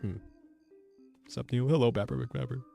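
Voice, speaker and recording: A man streaming as a VTuber, chatting casually while he codes, joking at his own expense and sometimes breaking into high squeaky yelps. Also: fairly even intonation, moderate pace, vocal fry, warm tone, faint music behind. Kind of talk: casual chat while coding.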